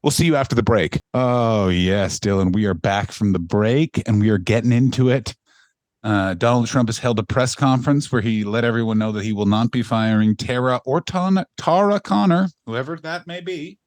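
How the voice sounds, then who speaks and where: A man's voice: mid-range voice, normal speed, a little mellow, dry recording, clean studio sound. A man co-hosting a podcast in casual chat, ranting and swearing as he mocks people in put-on voices. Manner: profane, ranting, mocking voices. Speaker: podcast co-host.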